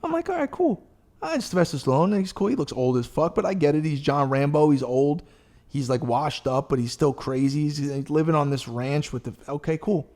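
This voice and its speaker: Profane, rambling man with a higher voice. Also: brisk. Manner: rambling, profane, animated storytelling. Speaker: podcast host. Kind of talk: casual chat.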